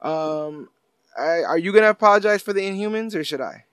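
A chatty man with a fairly high voice walks through movie news at length. He sounds upbeat and conversational, recorded close and dry. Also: expressive, a little fast, a bit bright, smooth, dry recording. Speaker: podcast co-host. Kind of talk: casual chat.

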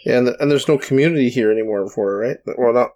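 A man co-hosting a relaxed hobby chat, rambling and self-deprecating, with lots of restarts. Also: medium pitch, very fast. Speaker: podcast co-host. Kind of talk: casual chat.

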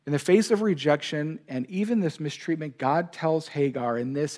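Guy pastor preaching a sermon, kinda high voice, earnest, leans on key words. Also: normal speed, hardly any pauses, a little mellow.

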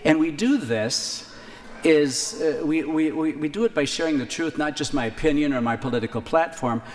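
A man preaching a sermon, conversational, with key lines repeated slowly for emphasis. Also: a little high. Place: church. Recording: reverberant church hall, faint ambience.

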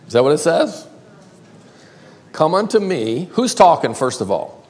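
An older man from South Carolina with a Southern accent, preaching a playful sermon and drawing words out slowly. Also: on the high side, sing-song, a little mellow. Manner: playful, drawls words slowly, calls crowd y'all. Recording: long hall reverb.

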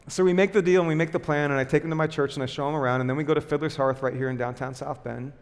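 A pastor tells stories from the pulpit in a loose, chatty manner, stumbling over restarts and laughing at himself. His voice sits a little high for a man. The sound carries a long church-hall reverb. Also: fast, hardly any pauses. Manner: conversational, self-deprecating, many fillers and restarts. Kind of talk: sermon with personal storytelling.

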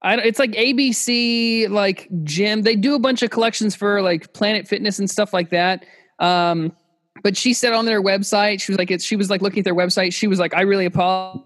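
A man's voice: high-pitched, steady tone, moderate pace, fairly bright tone, in a large hall. A man co-hosting a comedy podcast, ranting in exaggerated anger over a video call. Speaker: podcast co-host. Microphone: remote video call.

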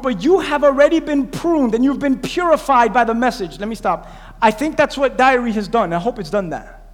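A man preaching a sermon, pausing to quiz his congregation and have them repeat lines back. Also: very high voice, in a large hall. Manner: call-and-response preaching, quizzing the congregation. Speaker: pastor. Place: church sanctuary.

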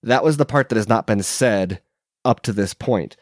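Low-voiced man thinking aloud. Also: normal speed, no echo, studio quality. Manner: thinks aloud, repeats and restarts. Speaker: podcast co-host. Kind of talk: casual film discussion.

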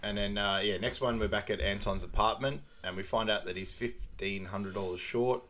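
A man's voice: on the low side, steady tone, moderate pace, a bit bright, slight background noise. A man co-hosting a podcast, summarising film scenes in easygoing chat with many fillers and frequent laughs. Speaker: podcast co-host. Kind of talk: casual film recap chat.

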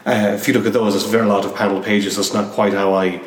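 A man talks in a halting, casual way, restarting his sentences often. His voice sits fairly low and sounds distant from the mic. The room adds a long, echoing reverb and a faint hiss. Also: flat delivery. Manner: hesitant, many restarts and fillers. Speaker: comic book artist guest. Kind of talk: casual interview conversation. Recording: roomy echo, distant mic, faint noise.

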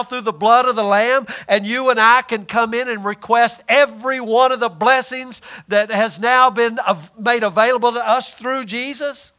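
A man's voice: very high-pitched, bright, forceful tone, clear, resonant tone. A man preaching a sermon in a conversational, emphatic way, often acting out quoted voices.

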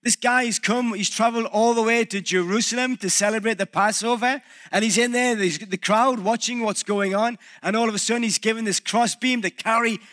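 A male pastor preaching a reflective sermon, pausing and restarting as he thinks aloud. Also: sits high, fairly even intonation, a bit bright.

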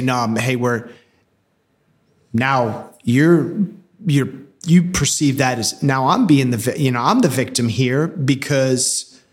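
A man co-hosting a casual discussion, often acting out quoted dialogue and restarting his sentences. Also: medium pitch.

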